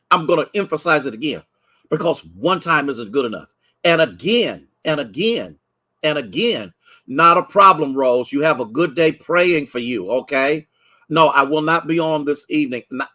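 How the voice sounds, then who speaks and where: Preaching man with a higher voice. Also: bright, forceful tone. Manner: preachy call-and-response, greets online viewers by name; repeats phrases for emphasis. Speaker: pastor. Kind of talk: livestreamed sermon teaching.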